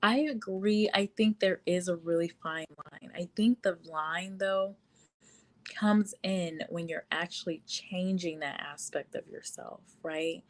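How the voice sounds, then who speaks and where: A woman with a lowish voice hosts a casual live stream, speaking a little slowly and at length. She uses frequent fillers, laughs often, and reads viewer comments aloud.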